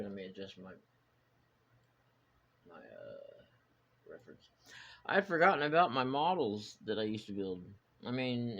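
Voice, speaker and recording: A man's voice: medium pitch, a bit bright, dull audio. A man chatting in a reflective, wandering way, full of fillers and restarts, as the host of a hobby vlog. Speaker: channel host, hobby model builder. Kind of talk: rambling personal vlog chat.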